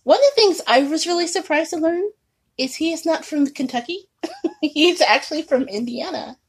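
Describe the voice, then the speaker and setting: A woman co-hosting a podcast in casual chat, laughing often and animated. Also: high voice. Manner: laughs often, animated, quick bursts of surprise. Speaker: podcast co-host.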